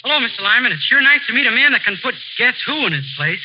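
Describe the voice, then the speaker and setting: A naive, boyish young singer. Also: male voice, big pitch swings, quick pace, a little hiss or hum. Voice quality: high, boyish and innocent. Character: naive, dim young male singer sidekick. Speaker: comic sidekick. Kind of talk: 1940s radio comedy acting. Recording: dull old radio broadcast.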